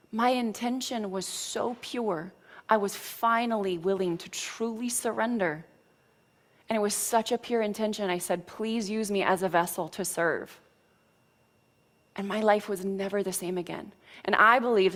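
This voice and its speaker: A woman teaching as a spiritual coach, talking frankly and casually, with mild cursing and frequent check-ins with her listeners. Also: mid-range voice. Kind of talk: motivational teaching talk.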